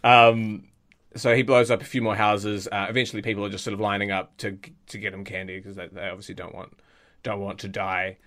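A man's voice: on the low side, level tone, brisk, fairly bright tone. A man co-hosting a comedy podcast, telling an improvised silly story with lots of fillers and restarts. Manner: rambling, hesitant, acts out silly quoted voices.

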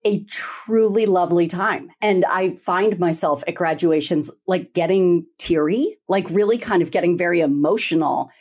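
A female teacher co-hosting a casual chat, telling animated, emotional stories and laughing often. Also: fairly low pitch, normal speed, few pauses. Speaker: co-host, teacher.

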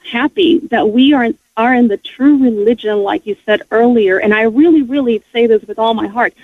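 A woman's voice: on the high side, no echo. A woman giving a heartfelt personal faith testimony as a guest, talking earnestly with frequent restarts. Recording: tinny phone-line audio, dry.

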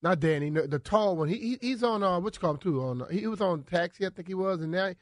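Teasing male co-host, higher pitch, dry studio mic. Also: expressive, no room sound. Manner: teasing, rambling, halting restarts. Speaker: radio co-host. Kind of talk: casual studio banter. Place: radio studio.

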